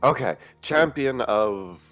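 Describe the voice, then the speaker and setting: A man's voice: mid-range voice, animated, slow pace, fairly bright tone, highs cut off, soft background music. A man playing in an online tabletop game with a sardonic, drawling delivery. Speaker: player. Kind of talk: casual tabletop play.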